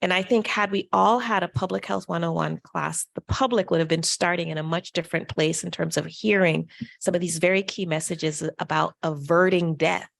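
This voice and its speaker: Brief: woman, low gravelly voice, dry sound, emphatic panelist. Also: fairly even intonation, a little fast, no echo. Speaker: public health panelist. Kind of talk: panel discussion answer.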